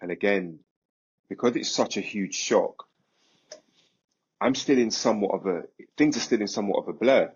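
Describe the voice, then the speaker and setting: A man, a podcast guest, recounting a story in a vivid, animated way. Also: lowish voice, moderate pace, pauses often, husky, lo-fi sound. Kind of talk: casual storytelling.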